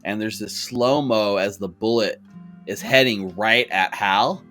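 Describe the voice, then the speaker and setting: A man's voice: on the low side, a little slow, fairly bright tone, soft background music. A man narrating a tabletop game as game master, loose and full of fillers and restarts.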